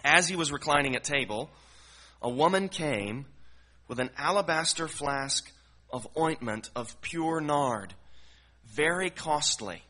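A man's voice: a little high, expressive, unhurried, pushed and bright. A man teaching through a Bible passage verse by verse, earnest and explanatory, often repeating words as he works through a thought. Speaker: preacher.

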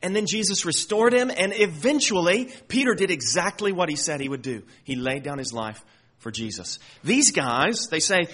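A male pastor delivers a sermon in a church, reading scripture aloud and explaining it with earnest conviction. His voice sits slightly high and moves a lot, swelling into emphatic peaks before dropping back. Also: lively intonation, moderate pace, a bit bright, slightly rough.

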